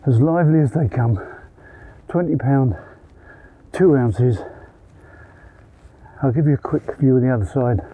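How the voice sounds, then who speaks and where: A man casually narrating his carp fishing trip outdoors by a lake, relaxed and pleased. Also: medium pitch, unhurried, pauses often, low-quality recording. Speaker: angler vlogger.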